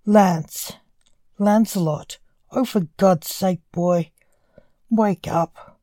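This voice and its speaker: A woman's voice: mid-range voice, very slow, warm tone, dry recording, studio quality. A woman voicing a grim reaper, the soul of a dying man, who talks in an exasperated, scolding way. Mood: impatient. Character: grim reaper, a man's soul, impatient grumbler.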